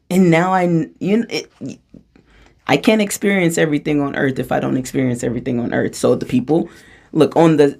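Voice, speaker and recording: A spiritual channeler speaking a freestyle channeling monologue, animated and chatty and often laughing. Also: mid-range voice. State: out of breath.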